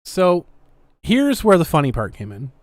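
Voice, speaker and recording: A woman's voice: on the low side, wildly swooping pitch, unhurried, a little mellow, no echo, clean studio sound. Sarcastic ranting woman podcaster. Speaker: podcast host. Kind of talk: casual podcast commentary.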